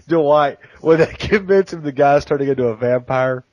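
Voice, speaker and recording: A man's voice: fairly high pitch, moderate pace, darkish tone, no room sound, lo-fi sound. A man co-hosting a podcast, chatting enthusiastically and laughing often as he talks. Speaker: podcast co-host. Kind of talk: casual podcast chat.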